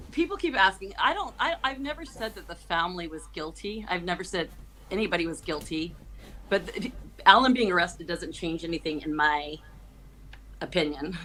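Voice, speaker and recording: Chatty woman streamer, bright clear voice, rambles and repeats herself. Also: on the low side, rough recording. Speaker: livestream host. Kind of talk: casual live commentary.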